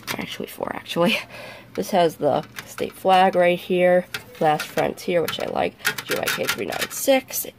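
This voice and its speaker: A man with a high, creaky voice and a slight hiss or hum on the recording. He's a vlogger doing a casual show-and-tell in his bedroom at home, chatting and rambling and often correcting himself mid-sentence.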